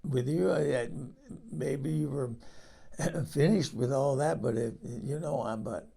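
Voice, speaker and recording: A man's voice: medium pitch, measured pace, gravelly, mellow, slightly rough, heavily acted. A man playing a frank older woman who rambles through a comic story and laughs at herself. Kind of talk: comic character monologue.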